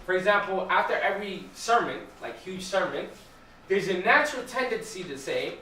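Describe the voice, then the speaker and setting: Recorded from afar in an echoey church hall with some hiss or hum, this young man has a high-pitched, sharp, animated voice at normal speed. As a church teacher, he keeps his Bible study talk casual, chatting and questioning the room.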